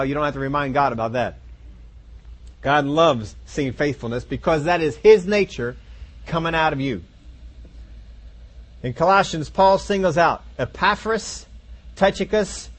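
Male preacher, fairly high voice, emphatic and repetitive, sermon delivery. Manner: emphatic, repetitive declarations addressing the congregation.

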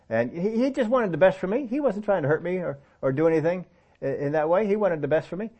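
A middle-aged man preaching a sermon, telling personal stories in a relaxed, conversational way and often rising in pitch to press a point. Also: fast talker. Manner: conversational storytelling with lively pitch swings and laughs. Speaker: pastor.

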